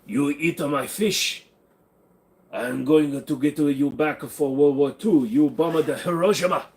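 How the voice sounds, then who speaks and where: Bit part: a man playing a shop owner with an exaggerated Japanese accent, talking in slow, clipped, higher broken English. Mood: mocking.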